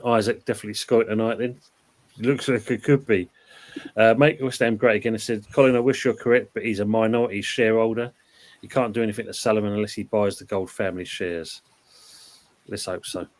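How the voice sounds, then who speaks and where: A fairly low-voiced man hosts a relaxed live-stream chat about football. He talks in a loose, rambling way and stops now and then to read viewer comments aloud. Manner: chatty, reads out viewer comments. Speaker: host.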